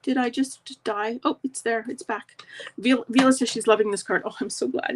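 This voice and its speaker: A woman's voice: on the high side, normal speed, background noise. Chatty woman demonstrating crafts. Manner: chatty, talks to live viewers while working. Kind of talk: casual live crafting tutorial.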